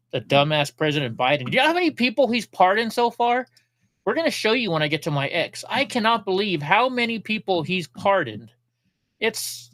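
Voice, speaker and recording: A man's voice: a little high, fairly bright tone, no echo. A man hosting a casual political news livestream, talking sarcastically, laughing at clips and chatting with viewers. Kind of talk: casual commentary.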